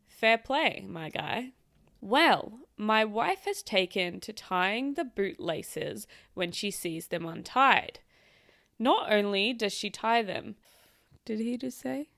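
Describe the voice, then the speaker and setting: A young woman hosts a casual podcast, reading stories aloud and breaking in with sarcastic, chatty remarks. Her voice sits at an ordinary pitch and is close to the mic. The sound is dry, with no room echo. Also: vocal fry, fairly bright tone. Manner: chatty, sarcastic asides, swears, laughs easily. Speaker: podcast host.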